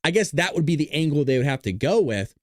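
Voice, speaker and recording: Animated, profane male stream host. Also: fairly high pitch, fast talker, dry recording, studio quality. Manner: animated, profane, jokey, talks to chat. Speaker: livestream political commentary host. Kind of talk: live political commentary stream reacting to chat.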